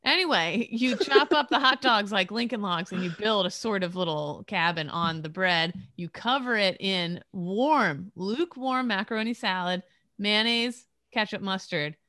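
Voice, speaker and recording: A woman's voice: medium pitch, normal speed, bright, forceful tone, no echo. A woman in casual group banter, blunt and laughing, swearing freely.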